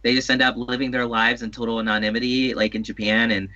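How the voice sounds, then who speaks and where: A man's voice: medium pitch, flat delivery, quick pace, sharp tone, highs cut off. A man co-hosting a podcast, chatting casually and giving opinionated commentary. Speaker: podcast co-host. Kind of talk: casual chat.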